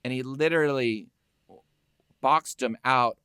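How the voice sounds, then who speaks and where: A man hosting a podcast, chatting casually about a movie. He tells lively stories and acts out what people said. His voice sits in a middle pitch, and the sound is dry and close. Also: unhurried, smooth, no room sound. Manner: animated storyteller who acts out quotes. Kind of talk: casual film chat.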